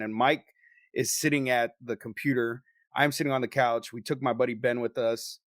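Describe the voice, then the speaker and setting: Man, podcast co-host, mid-pitched, swears freely, telling a story with lively energy, dry sound. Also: no room sound. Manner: profane, animated storyteller.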